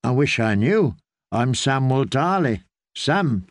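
A shy, nervous young nobleman who talks hesitantly and earnestly, as a male narrator voices him. The reading is slow and measured, recorded close and dry. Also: mid-range voice, sing-song, no room sound.

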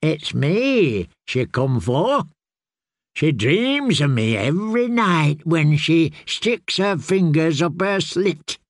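Brief: man voicing cruel male jester, cackling and crowing; lively swooping pitch, audiobook. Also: takes it slowly, no echo, clean studio sound, full character voice. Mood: gloating. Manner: crowing, crude, laughing.

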